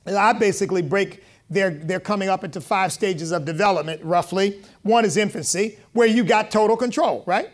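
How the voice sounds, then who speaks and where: A man, a pastor, preaching a conversational sermon, calling for amens and acting out lively quotes. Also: high-pitched, normal speed, hardly any pauses. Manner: animated, rising loud when quoting.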